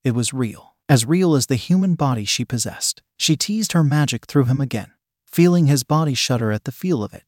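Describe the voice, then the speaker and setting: A man narrating a story in a steady, even reading voice. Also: mid-range voice, moderate pace, no echo, studio quality. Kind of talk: scripted narration.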